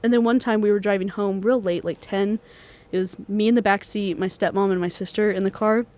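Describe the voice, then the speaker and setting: A woman's voice: medium pitch, a little fast. Chatty young woman telling ghost stories. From Texas. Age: young adult. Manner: animated storyteller, many fillers, acts out quoted voices. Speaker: student podcast co-host.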